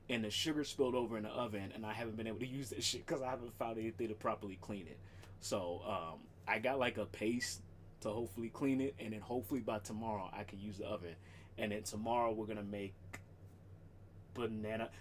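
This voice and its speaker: A man's voice: fairly low pitch, brisk, slight background noise. A man streaming casually at home, rambling loosely about his cooking plans, swearing freely and laughing often. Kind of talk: casual chat.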